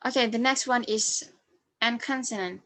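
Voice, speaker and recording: A young woman, a non-native English speaker whose first language is Indonesian, giving a class presentation on phonetics in a halting way, with fillers and self-corrections. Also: fairly high pitch, fairly bright tone. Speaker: student presenter.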